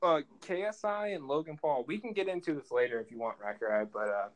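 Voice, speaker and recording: A man's voice: fairly high pitch, lively intonation, brisk, rough recording. A young man co-hosting a casual podcast chat, rambling and laughing often. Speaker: podcast co-host.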